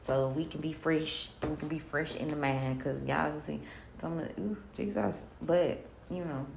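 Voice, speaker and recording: Low, gravelly Southern woman chatting. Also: fairly even intonation, normal speed. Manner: laid-back, chatty, laughs often, drawls. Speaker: podcast host. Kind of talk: casual solo podcast chat. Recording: roomy echo, faint room noise.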